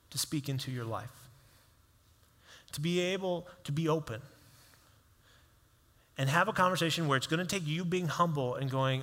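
A man's voice: fairly high pitch, fairly bright tone, in a large hall. A male pastor preaching a sermon in a conversational style, acting out quoted voices as he tells a story.

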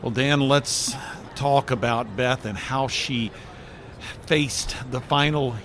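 A male radio host speaks in a measured, steady broadcaster's manner at a middle pitch. He introduces guests and poses questions. Faint noise hangs under the voice. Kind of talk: radio interview and announcing.

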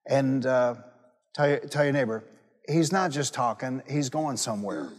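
A man's voice: medium pitch, normal speed, long reverb tail. A man preaching a sermon to his congregation. He tells stories and repeats phrases for emphasis. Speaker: pastor.

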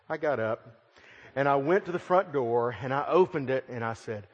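Middle-aged male preacher, dynamic delivery, mid pitch, long hall reverb. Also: animated, normal speed, highs cut off. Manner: dynamic preaching, swelling loud then dropping soft. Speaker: pastor. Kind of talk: sermon.

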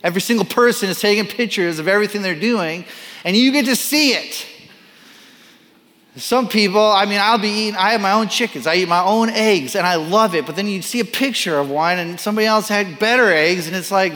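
Animated male pastor in a big reverberant hall. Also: sits high, normal speed. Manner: animated, acts out quoted voices, self-deprecating asides. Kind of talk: sermon.

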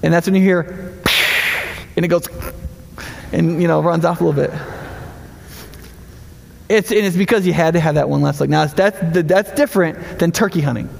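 A middle-aged man preaching a sermon with a gravelly edge to a voice that sits high for a man. He talks in an animated, conversational way and keeps asking his listeners questions. His voice rings out in a large hall with a long echo. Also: normal speed, long pauses, a little hiss or hum. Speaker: pastor.

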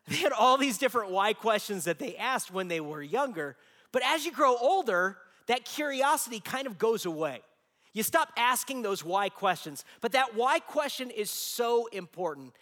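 A man in his forties delivers a sermon in a notably high voice. He mixes personal stories and light humor with rhetorical questions. His voice rings out with a long reverb, as if in a large hall. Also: big pitch swings, moderate pace, a bit bright. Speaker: pastor.

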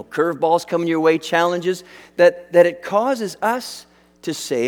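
A man's voice: high-pitched, big-room sound. A man preaching a sermon as a pastor, talking in a loose, conversational way with restarts and fillers.

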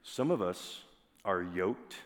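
Male pastor, low voice, relaxed conversational sermon that asks the room questions, long hall reverb. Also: takes it slowly.

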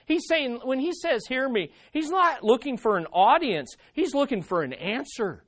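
A pastor preaching a sermon in an animated way, acting out desperate pleas. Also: mid-range voice, moderate pace, hardly any pauses, dry recording.

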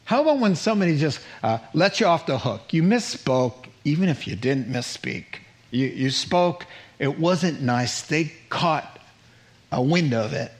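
A middle-aged man preaching a sermon as pastor, animated, with his pitch climbing on rhetorical questions and quotes acted out in character. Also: measured pace.

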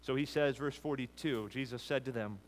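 A man preaching an expository sermon, building emphatic lists that rise and then drop low. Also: normal speed, a little hiss or hum. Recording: long hall reverb.

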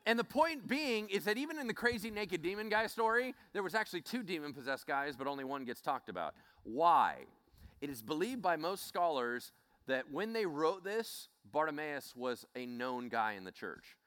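Casting note: a male preacher, bright and lively, who acts out the scenes. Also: on the high side, normal speed. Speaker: Bible teacher. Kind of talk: sermon.

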